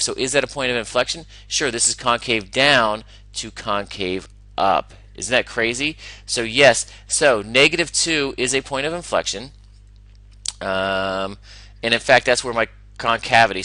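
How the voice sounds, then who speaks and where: A man teaching a recorded math lesson, enthusiastic and talking himself through each problem with quick asides. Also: mid-range voice, bright, forceful tone, dry recording, rough recording.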